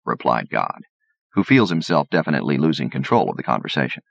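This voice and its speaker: Gravelly, very deep-voiced male narrator. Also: expressive, brisk, no room sound. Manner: folksy, wry storytelling. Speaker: audiobook reader. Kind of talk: scripted narration. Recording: dull lo-fi audiobook recording.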